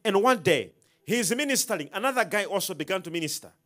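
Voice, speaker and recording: A man preaching a sermon in an emphatic, preacherly style, calling out questions to the congregation and swinging between loud and soft. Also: high voice, expressive, fast. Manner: emphatic, preacherly call-and-response, dramatic swings in loudness.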